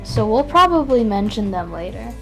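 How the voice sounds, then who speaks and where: A woman's voice: a little high, very animated, moderate pace, faint music behind. A tired woman streaming casually, chatting and mumbling to herself as she works, with a self-deprecating manner. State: tired, yawning. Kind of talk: casual live-stream chat.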